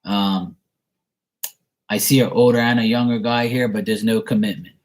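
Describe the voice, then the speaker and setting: A man's voice: lowish voice, steady tone, moderate pace, darkish tone. A man from Bermuda chatting casually as he answers viewer messages, rambling and laughing at himself. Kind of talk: casual live chat reading.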